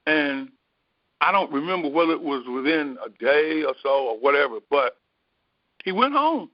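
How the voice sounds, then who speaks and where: A man in the role of a spiritual teacher, telling a personal story in an unhurried, meandering way, often pausing on fillers. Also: medium pitch, dry recording. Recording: dry, dull lo-fi recording.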